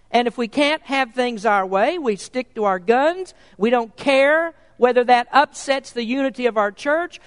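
An emphatic preacher at mid pitch, pressing points home with rhetorical questions. The voice rings out with a long reverb, as if recorded in a large hall. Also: fairly bright tone. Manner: reads scripture in old-fashioned wording. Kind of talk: sermon.

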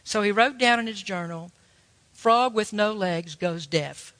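A man delivers a sermon in a high, bright voice, folksy and emphatic as he spins a story for his listeners. The sound is dry and close, yet trails off into a long hall reverb. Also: a little slow. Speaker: preacher.

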